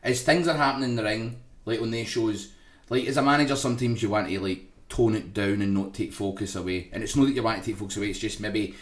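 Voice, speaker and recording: A man's voice: on the low side, fast, echoey room. A Scottish man on a podcast, telling a rowdy story in casual chat, swearing, laughing as he goes and ending his lines with "right?". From Scotland.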